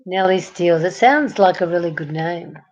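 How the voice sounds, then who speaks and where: A woman's voice: fairly low pitch, normal speed, a little mellow, highs cut off. An Australian woman chatting on a live stream from her bed at night, greeting viewers and reading their comments aloud. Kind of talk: casual live-stream chat.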